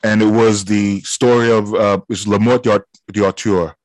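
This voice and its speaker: A man's voice: on the low side, steady tone, unhurried, no room sound, rough recording. A man co-hosting a podcast, chatting about films in a laid-back, slangy way and laughing often. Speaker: podcast co-host. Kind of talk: casual film chat.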